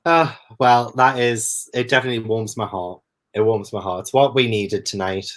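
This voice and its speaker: A man's voice: lowish voice, moderate pace. A man hosting a book chat stream, gushing effusively and laughing a lot. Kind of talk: casual chat.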